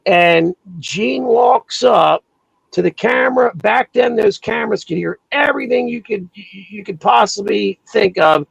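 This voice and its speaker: Male host, high and raspy, dry close sound; swears freely, acts out quotes in chatty stories. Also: measured pace, dry recording, rough recording. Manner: profane, animated storytelling with acted quotes. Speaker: podcast host. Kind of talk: casual chat.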